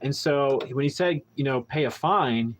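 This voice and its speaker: A man's voice: medium pitch, normal speed, a little hiss or hum, rough recording. Young male podcast host, unscripted monologue, blunt and profane, rambling with frequent restarts. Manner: candid storytelling with heavy profanity. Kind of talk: casual monologue.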